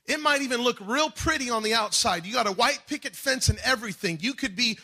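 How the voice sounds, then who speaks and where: A man preaching a sermon, moving between quiet reflection and loud, emphatic calls. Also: very high-pitched, a little fast. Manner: dynamic preaching, swings from soft to shouting. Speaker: pastor.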